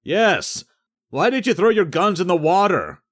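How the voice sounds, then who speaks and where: Narrator guy doing a pushy militia guy yelling across the water, high and loud. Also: lively intonation, measured pace. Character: rough male rebel militia corporal, impatient.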